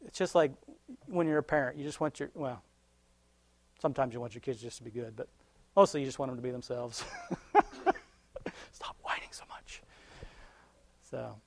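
A man's voice: mid-range voice, steady tone, quick pace, long pauses, dry recording. A man giving a casual devotional talk and closing prayer, conversational and homely, chuckling often between thoughts. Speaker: lay preacher.

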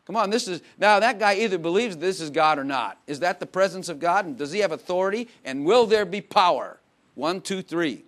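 A man preaching a sermon in a conversational way, dropping to quiet asides and rising to loud emphatic bursts, with frequent laughs. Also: sits high, lively intonation, fairly quick. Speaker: pastor.

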